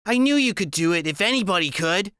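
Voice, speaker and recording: A man's voice: high-pitched, animated, a little fast, pushed and bright, clear, resonant tone, no room sound, studio quality, voice pushed up. A man voicing a nervous, eager-to-please biker gang boss in an audiobook, in a raised, jittery voice.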